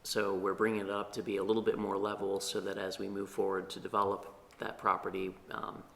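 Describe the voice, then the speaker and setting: Gravelly low-voiced man giving a report. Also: completely flat delivery, fairly bright tone, slight background noise. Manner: measured, hesitant with many ums. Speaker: town staff reporting to planning commission. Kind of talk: meeting report. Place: meeting room.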